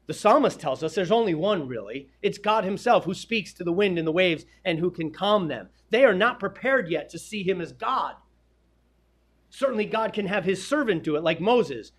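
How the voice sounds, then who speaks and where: High-voiced man preaching a dynamic sermon. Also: lively intonation, moderate pace. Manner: dynamic preaching with sudden loud peaks and hushed drops.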